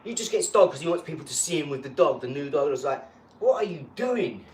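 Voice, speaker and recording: A man talking in a casual live chat, rambling and boastful, breaking into animated rants. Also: fairly high pitch, rapid-fire. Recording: echoey room, far from mic, faint hum.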